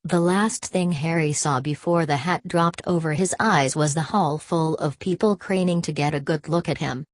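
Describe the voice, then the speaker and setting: A woman narrating an audiobook in a steady, measured way. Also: sits low, no echo.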